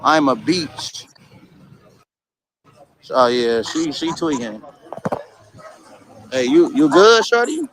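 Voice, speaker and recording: A man's voice: on the high side, very animated, slow, long pauses, a bit bright, slight background noise, poor audio. A man vlogging as he walks around a street outdoors, chatting casually with passers-by and swearing now and then. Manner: laid-back, swears, chats with passers-by. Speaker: travel vlogger.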